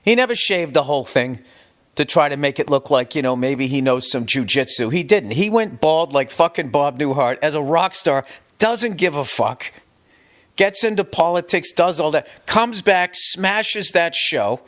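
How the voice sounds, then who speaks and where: A man's voice: a little high, lively intonation, normal speed, a bit bright. A middle-aged man from the United States hosting a podcast, talking in a casual, comedic monologue that rambles and swears emphatically. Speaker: podcast host.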